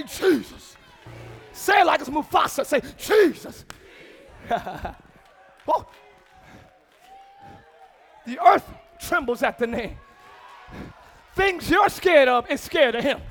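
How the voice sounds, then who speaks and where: A man preaching a live church sermon, shouting call-and-response lines to the congregation and laughing between exhortations. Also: very high voice. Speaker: pastor.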